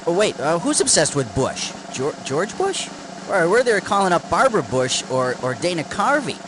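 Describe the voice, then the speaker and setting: An actor playing a wisecracking, energetic quiz game show host. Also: male voice, fairly high pitch, normal speed, noisy background. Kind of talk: scripted game show hosting. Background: game music.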